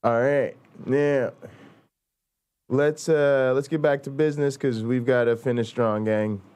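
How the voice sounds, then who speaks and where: A man's voice: mid-range voice, fairly even intonation, a little mellow, smooth. A male host chatting loosely and then reading an academic text aloud with many fillers. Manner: loose, profane, halting with fillers while reading. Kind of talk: casual talk and reading aloud.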